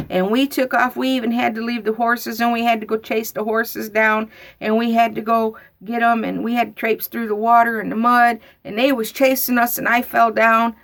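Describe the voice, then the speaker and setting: Lady putting on a little girl talking fast to get out of trouble, high and gravelly. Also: a bit bright. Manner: pleading, breathless fib-telling. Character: frightened little girl making excuses.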